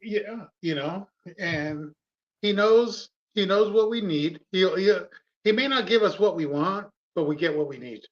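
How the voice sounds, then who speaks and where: A man's voice: sits high, measured pace, dull audio. A man on a livestream panel, telling long rambling stories with many fillers and restarts. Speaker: guest panelist. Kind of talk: casual chat on a livestream.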